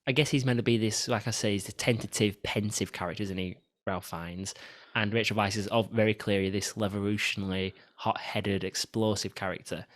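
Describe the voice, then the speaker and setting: A man's voice: fairly low pitch, fairly even intonation, brisk, hardly any pauses, dry recording. A man co-hosting a casual film review podcast, leading the discussion with dry, wry asides. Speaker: podcast co-host.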